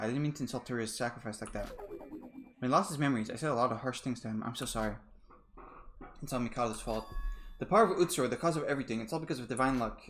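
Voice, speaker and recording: A man's voice: medium pitch, a bit bright. A man playing a story game who reads its dialogue aloud in a plain voice and drops blunt asides of his own. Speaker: let's player.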